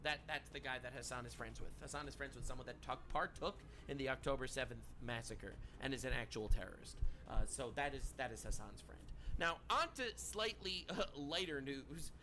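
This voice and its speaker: A man's voice: mid-range voice, fairly quick, hardly any pauses, background noise. A man hosting a stream, giving mocking, sarcastic reaction commentary. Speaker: stream host.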